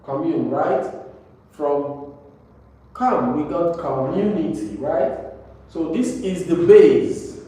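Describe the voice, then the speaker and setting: Male classroom teacher, fairly high voice, drills words, far from the mic with faint noise. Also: takes it slowly, pauses often, warm tone, heavy reverb. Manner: repetitive, checks understanding with "right?". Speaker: English teacher. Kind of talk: classroom lesson.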